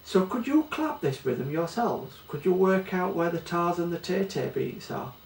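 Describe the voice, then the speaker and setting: A man's voice: sits high, big pitch swings, a little slow, vocal fry, a little mellow. A man with a Yorkshire accent teaching a children's music lesson, patiently explaining pulse and rhythm step by step. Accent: Yorkshire English. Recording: echoey room, distant mic, faint ambience.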